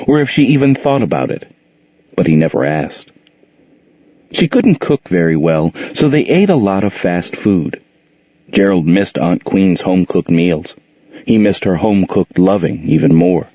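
A man reading a story aloud as an audiobook narrator, in a steady, even way. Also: low voice, no echo. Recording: slightly dull lo-fi recording.

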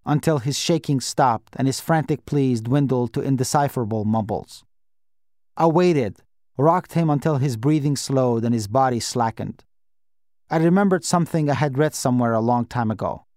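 A man reading a novel aloud in first person, quiet and measured. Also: mid-range voice, no room sound, clean studio sound. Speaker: audiobook narrator.

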